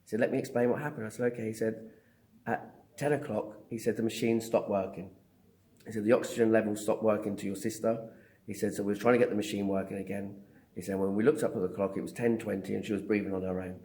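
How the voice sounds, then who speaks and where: A man's voice: on the low side, fast. A middle-aged man, a psychic medium, telling his story in an interview, acting out the dialogue with lots of ums. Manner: animated storyteller, acts out dialogue with hesitant ums.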